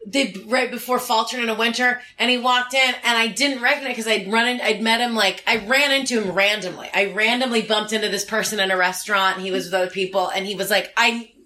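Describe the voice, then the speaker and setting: Woman stand-up guest; bright, slightly high voice; candid, rambling, crude. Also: steady tone, quick pace, few pauses. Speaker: guest comedian. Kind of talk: casual podcast chat.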